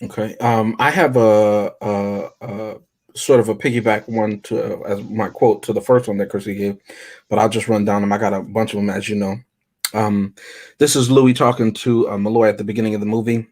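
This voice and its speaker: A man's voice: fairly low pitch, fairly even intonation, moderate pace, a little mellow. A man co-hosting a casual film review chat, talking in a reflective, rambling way. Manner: reflective, rambling, reads quotes aloud.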